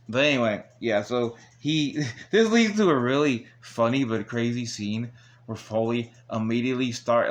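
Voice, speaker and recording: A man recapping an old wrestling episode in a rambling, casual way with chuckling asides. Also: mid-range voice. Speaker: wrestling show reviewer.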